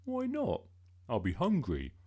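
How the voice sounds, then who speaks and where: A man voicing a stubborn, hungry young schoolboy in a storybook reading, in a high, earnest voice. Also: wildly swooping pitch, a little slow, dark tone, slightly rough, full character voice.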